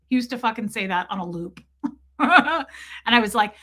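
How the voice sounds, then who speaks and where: A woman's voice: fairly high pitch, animated, moderate pace, sharp tone. A woman hosting a livestream, chatting casually and candidly with her viewers and swearing freely. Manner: candid and profane, talks straight to chat. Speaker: livestream host. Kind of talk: casual livestream chat reading comments.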